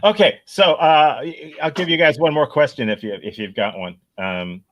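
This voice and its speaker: A man's voice: a little high, moderate pace, fairly bright tone. Male game host, easygoing, hesitant patter. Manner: hesitant, "uh" and "um" fillers while guiding play. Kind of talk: hosting a comedy game.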